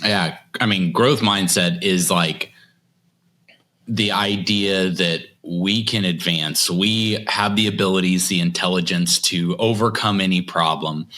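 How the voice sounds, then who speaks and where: A man's voice: low-pitched, unhurried, bright, forceful tone. A man co-hosting a podcast in casual chat, explaining ideas in a thoughtful way. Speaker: podcast co-host.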